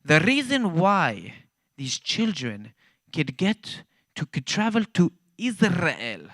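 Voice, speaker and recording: A man imitating a formal, diplomatic pastor who speaks slowly and deliberately. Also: on the high side, sing-song, a bit bright, no echo, clean studio sound, pitched above the performer's own voice, exaggerated voice.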